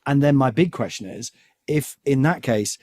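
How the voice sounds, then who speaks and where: A man's voice: mid-range voice, normal speed, darkish tone. A man hosting a podcast in a chatty, rambling, joking way. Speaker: podcast host. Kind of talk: casual chat.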